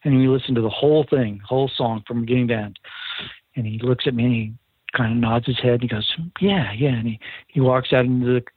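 A man's voice: medium pitch, steady tone, quick pace, breathy edge, no echo. Guy recounting a studio story, plays out the dialogue, sounds like a phone call, dry. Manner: earnest storyteller who acts out quoted dialogue. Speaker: recording engineer guest. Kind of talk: storytelling in an interview. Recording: tinny phone line, dry.

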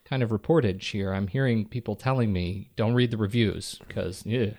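A man's voice: lowish voice, normal speed, a little mellow. A man co-hosting a film podcast, chatting in a wry, joking way. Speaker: podcast co-host. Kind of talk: casual film discussion.

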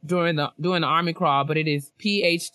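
A woman co-hosting a casual podcast, reading listener emails aloud with lots of laughter and sudden jumps in pitch when she gets excited. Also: fast talker, dry recording. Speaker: podcast co-host.

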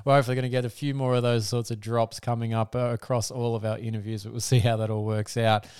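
A man's voice: mid-range voice, level tone, fast, darkish tone, clear, resonant tone, no room sound, studio quality. An Australian man hosting a motorsport podcast, blunt and casual, laughing often and swearing freely. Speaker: podcast host.

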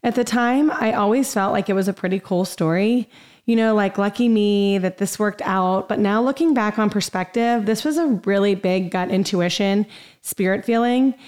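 A woman's voice: mid-range voice, darkish tone. Chatty upbeat woman podcast host. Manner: upbeat, chatty, many fillers. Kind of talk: personal storytelling monologue.

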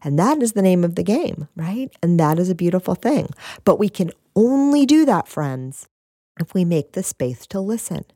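Woman, low voice, dry close sound, gentle spiritual talk, repeats phrases. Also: big pitch swings, moderate pace, dry recording. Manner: gentle, repeats phrases, laughs softly, asks "right?".

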